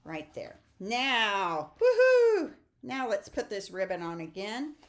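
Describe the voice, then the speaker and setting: A woman's voice: mid-range voice, expressive, moderate pace. Chatty woman teaching a papercraft class. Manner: chatty, upbeat, talks to viewers while crafting. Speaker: stamping and papercraft instructor. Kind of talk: casual craft tutorial.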